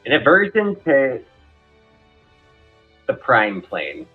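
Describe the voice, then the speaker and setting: A man playing in a tabletop game, wry and low-key, heard over a tinny phone-like line. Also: huge pitch swings, takes it slowly, husky, soft background music. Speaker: player. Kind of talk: casual tabletop game chat.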